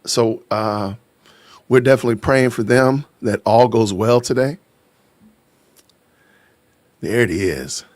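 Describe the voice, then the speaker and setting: A man hosting a casual livestream podcast, playful and quick to laugh while shouting out viewers. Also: medium pitch, dry recording. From Aurora, Illinois. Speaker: podcast host. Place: home in Georgia.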